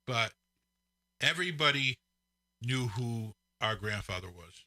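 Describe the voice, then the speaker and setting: Bright-toned middle-aged male co-host. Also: mid-range voice, expressive, measured pace, no room sound. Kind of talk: casual chat.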